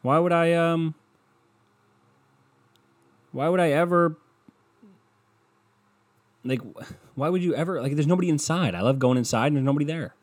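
A young man hosts a podcast solo, speaking into a podcast microphone in a slightly high voice at normal speed with frequent pauses. He rambles casually, swearing a lot and leaning on sarcasm.

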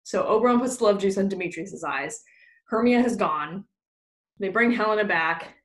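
A young woman tells a play's plot in lively casual chat, breaking into laughter and switching voices to act out the characters' quips. Her mid-pitched voice sounds echoey, as if she is in a bare room. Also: normal speed. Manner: animated, laughing, swearing, acts out lines. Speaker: podcast co-host.

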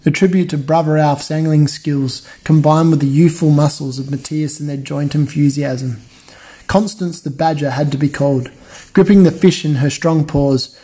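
A man reading a children's novel aloud in a steady, measured way, stumbling on a word now and then. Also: fairly high pitch, slightly rough. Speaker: reader.

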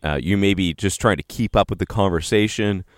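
A man's voice: sits low, a little fast, dry recording, studio quality. A man co-hosting a podcast, talking in a loose, rambling way full of "you know" and "like". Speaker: podcast co-host. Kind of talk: casual chat.

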